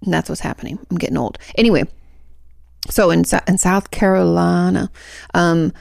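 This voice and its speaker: Chatty low-voiced woman with gravelly edge. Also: brisk, no echo, studio quality. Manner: chatty, rambling storyteller with lots of fillers. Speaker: podcast co-host. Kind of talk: casual chat.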